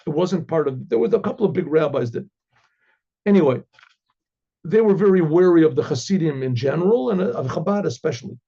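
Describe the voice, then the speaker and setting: A rabbi telling a religious story in a rambling way, with many restarts and throat-clearing, on a dull lo-fi recording. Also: male voice, fairly high pitch, lively intonation, fairly quick, dark tone.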